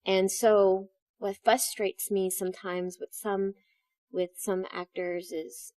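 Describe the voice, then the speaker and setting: A woman's voice: medium pitch, slow, dry recording. Woman chatting in an interview, acts out quotes as she tells stories, dry close mic. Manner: animated storytelling, acts out quotes. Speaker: stage actress, guest. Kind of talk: interview conversation.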